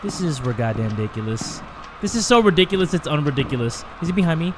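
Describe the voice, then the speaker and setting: A young man playing a horror game on video. He narrates it with comic panic, swears a lot and yells when scared. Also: a little high, lively intonation, fairly quick, noisy background. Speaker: gaming YouTuber. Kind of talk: let's play commentary.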